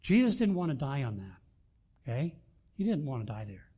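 An older man preaching a sermon, swinging between loud emphasis and quiet asides. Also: mid-range voice, very animated, normal speed, long pauses, breathy edge. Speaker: pastor.

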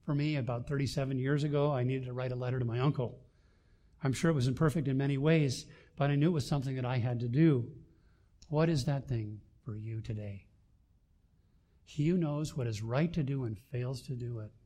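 An older man preaching a sermon, swinging between loud emphasis and quiet asides. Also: mid-range voice, a little fast. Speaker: pastor.

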